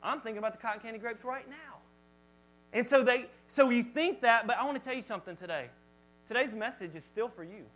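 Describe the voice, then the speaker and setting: High-voiced man preaching a lively sermon. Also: fairly quick, poor audio. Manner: lively, chatty, joking with the congregation. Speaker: pastor. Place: church service before a congregation.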